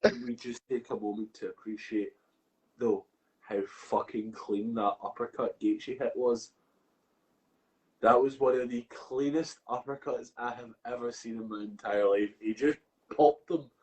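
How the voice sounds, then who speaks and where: A man co-hosting a casual talk podcast, animated, laughing often and swearing casually. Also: medium pitch, unhurried, rough recording. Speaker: podcast co-host. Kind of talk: casual chat.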